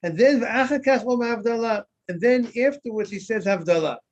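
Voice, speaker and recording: A high-pitched male rabbi leads a casual Talmud lesson. He repeats himself and poses questions to the class, then answers them. The recording sounds dull and lo-fi. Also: moderate pace.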